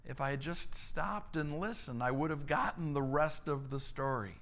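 Guy preaching a story sermon, acts out all the back and forth, kinda high voice. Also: normal speed. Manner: animated storyteller acting out dialogue. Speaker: church staff member preaching.

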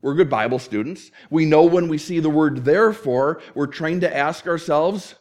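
Preaching to a congregation at normal speed, a middle-aged pastor uses a voice that runs a little high for a man. He tells stories energetically and takes on the voices of the characters.

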